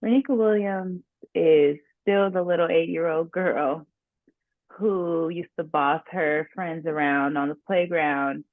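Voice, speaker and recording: A young woman actress telling stories about herself in a casual, animated interview. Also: sits low, takes it slowly, no echo. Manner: animated, laughing storyteller. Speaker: actress guest. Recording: dry tinny phone-like line.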